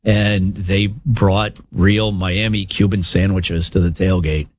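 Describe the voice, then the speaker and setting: A man's voice: low-pitched, fairly even intonation, slow. A man in his fifties co-hosting a podcast, telling self-mocking stories and acting out what people said in casual comedic chat. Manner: storytelling, self-mocking, acts out quotes. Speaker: podcast co-host.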